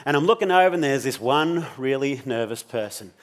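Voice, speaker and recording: A man giving a storytelling keynote talk, animated and casually swearing as he acts out the dialogue. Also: medium pitch, a little fast. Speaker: keynote speaker.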